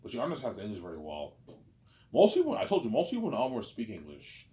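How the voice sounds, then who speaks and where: A man's voice: medium pitch, wildly swooping pitch, fast, dark tone. A man in his thirties rambling through a casual monologue, repeating himself and tagging lines with filler phrases. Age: 30s. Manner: repetitive, keeps saying "obviously" and "you know what I'm saying". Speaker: vlogger.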